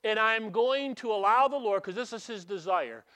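A man preaching a sermon in a conversational way, asking rhetorical questions and swinging between emphatic and hushed delivery. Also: sits high, normal speed, smooth.

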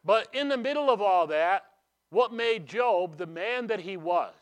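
A man preaching a sermon in a conversational way, asking rhetorical questions and swinging between emphatic and hushed delivery. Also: high-pitched, lively intonation, a little slow.

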